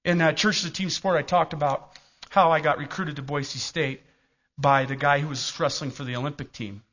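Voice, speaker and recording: A middle-aged man preaching a sermon in a church, telling stories and asking the congregation questions. His voice is bright and sits a little high. The recording is muffled and lo-fi. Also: steady tone, moderate pace. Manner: storytelling, asks the congregation questions. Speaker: pastor. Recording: dull lo-fi recording.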